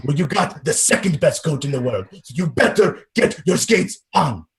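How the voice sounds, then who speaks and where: A man's voice: on the high side, animated, moderate pace. A man on a video call improvising an overbearing skating-coach father who rambles in a put-on accent. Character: pushy middle-aged male skating coach dad. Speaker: improv performer.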